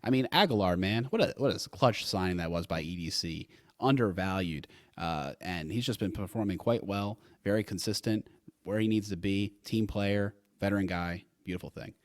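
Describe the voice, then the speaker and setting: A man's voice: fairly low pitch, moderate pace, no room sound, studio quality. A man co-hosting a casual sports talk show, speaking in an enthusiastic, rambling way. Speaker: co-host.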